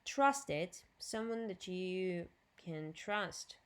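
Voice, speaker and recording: A woman with a Ukrainian accent teaching an English lesson on video, drilling new words slowly and clearly and adding Russian explanations. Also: medium pitch, animated, fairly bright tone.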